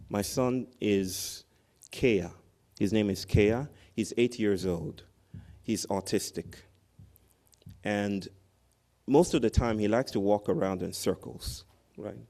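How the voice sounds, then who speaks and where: Lower-voiced man telling a story at a ceremony. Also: takes it slowly, long pauses. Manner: animated storyteller, tags lines with "right?". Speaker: commencement speaker. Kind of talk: storytelling speech to an audience. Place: large tent outdoors at a ceremony.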